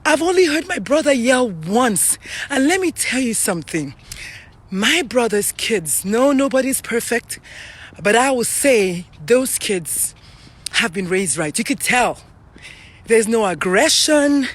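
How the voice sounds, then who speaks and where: A woman's voice: a little high, very animated, unhurried. A middle-aged Nigerian woman talks straight to her viewers in an earnest, chatty way. She is a little out of breath, walking uphill outdoors with her phone. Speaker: parenting coach hosting a live stream. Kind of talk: casual live-stream monologue.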